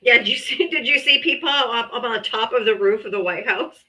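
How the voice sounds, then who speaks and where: A woman's voice: fairly high pitch, fairly quick, sharp tone, low-quality recording. A woman hosting a live debate stream, talking casually and bluntly, with frequent swearing and exasperation. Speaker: livestream debate host. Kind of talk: casual livestream talk.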